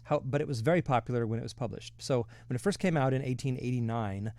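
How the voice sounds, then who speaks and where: A man's voice: mid-range voice, quick pace, darkish tone, no echo. A man from the Midwest hosting a weekly online reading, chatting casually before he starts, rambling with fillers and restarts. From American Midwest.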